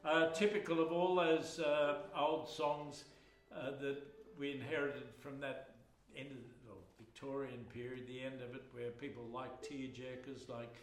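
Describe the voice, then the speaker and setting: At a live concert in a music hall, an Australian-accented folk singer and bandleader sings and tells rambling stories between songs, full of ums and uhs. His mid-range voice has little pitch movement and a slightly slow pace. The hall is echoey, with loud accordion music.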